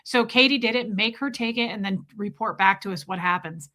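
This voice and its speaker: A woman's voice: mid-range voice, a little fast, pushed and bright. A woman hosting a casual live stream, greeting viewers by name, self-mocking and laughing often. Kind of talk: casual live chat reading viewer comments.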